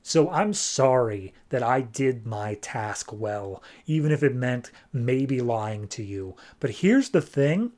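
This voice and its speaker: A man voicing a defensive, fed-up male messenger god, speaking slowly and deliberately in a lowered voice. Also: a little mellow, close to an everyday voice.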